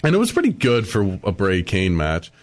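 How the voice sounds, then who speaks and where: Lively-voiced man chatting casually. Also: sits low, normal speed. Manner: easygoing, lots of "like" fillers. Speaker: podcast co-host. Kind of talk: casual chat.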